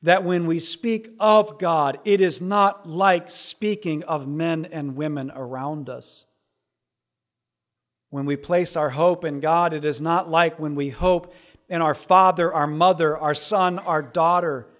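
A middle-aged man preaching a sermon as pastor, swinging between hushed asides and loud, emphatic lines. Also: a little high, steady tone, takes it slowly.

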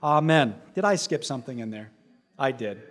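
A man preaching a sermon, dropping to a hushed low voice and then building to loud, rising emphasis, with repeated phrases stacked for effect. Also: lively intonation, fairly quick. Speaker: pastor.

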